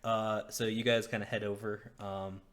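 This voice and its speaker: A man's voice: on the low side, flat delivery, moderate pace, fairly bright tone. A man running a tabletop game as dungeon master, narrating casually with a rambling flow and many fillers.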